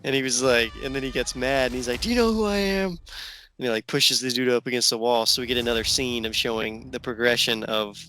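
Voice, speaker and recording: A man's voice: mid-range voice, level tone, fast talker, hardly any pauses, bright, forceful tone, a little hiss or hum. A man co-hosting a podcast who agrees often, jumps in, and corrects episode details in casual chat. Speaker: podcast co-host. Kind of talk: casual chat recapping a TV show.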